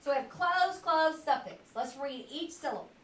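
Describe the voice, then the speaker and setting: A woman's voice: high voice, lively intonation, moderate pace, fairly bright tone. A woman teacher leading a phonics lesson, asking patient questions and stretching out words as she models them. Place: classroom. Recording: echoey classroom from a distance with faint hiss.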